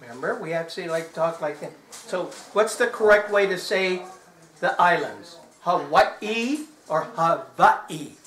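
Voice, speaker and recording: Performing magic with a Texas flair, this man keeps up joking, talkative patter and keeps asking the audience questions. His voice sits high, animated and fairly bright at a normal pace, captured with roomy live-hall acoustics.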